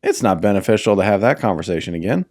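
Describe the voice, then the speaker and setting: A man co-hosting a podcast, his voice sitting a little low. He talks bluntly and matter-of-factly, swearing in passing. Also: lively intonation, fast talker, darkish tone. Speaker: podcast co-host. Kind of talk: casual chat.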